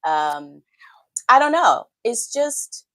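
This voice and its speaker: A woman's voice: on the high side, big pitch swings, extremely slow, fairly bright tone, dry recording. A woman co-hosting a morning talk show, explaining the news in a wry, conversational way with many fillers. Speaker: co-host. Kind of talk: casual political chat on a morning show.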